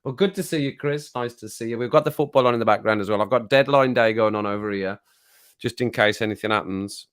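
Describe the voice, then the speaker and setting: A middle-aged Englishman with a Birmingham accent runs a livestream, joking around and rambling in casual talk with viewers and chuckling regularly. He talks fast in a medium-pitched, clean, fairly bright voice.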